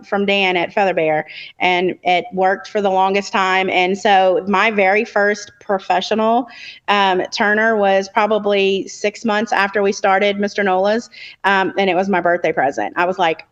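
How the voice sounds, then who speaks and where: A woman's voice: medium pitch, muffled recording. A woman guest telling a long story in casual chat, with frequent ums and likes. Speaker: podcast guest.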